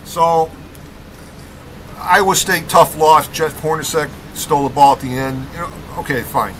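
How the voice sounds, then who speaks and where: A middle-aged Rockford, Illinois native, guesting on a podcast, speaks a little slowly in a slightly high voice while animatedly recalling college basketball. He stresses his points and likes closing lines with "okay?". The low-quality recording carries a little hiss or hum.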